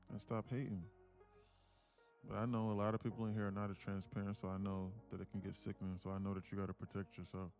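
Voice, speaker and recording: A man from with a gravelly voice, boasting about his trading and bantering with viewers on a live stream from his home apartment. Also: fairly low pitch, a little mellow. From Atlanta, USA. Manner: boastful, teasing banter with chat. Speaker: day trader streamer.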